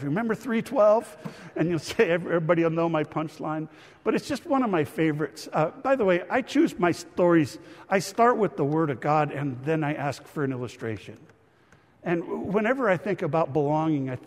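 A man's voice: a little high, a little mellow. A middle-aged man preaching a sermon, telling a family story and calling the listeners friends. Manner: storytelling, acts out a child's voice in quotes, addresses listeners as friends. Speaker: pastor. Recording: reverberant church hall.

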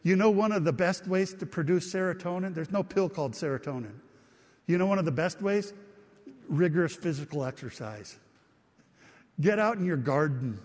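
Guy pastor preaching in a big echoey church, high voice, jokey and chatty. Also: a little mellow. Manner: chatty, joking with the congregation. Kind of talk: sermon. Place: church hall. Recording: long reverb of a church hall.

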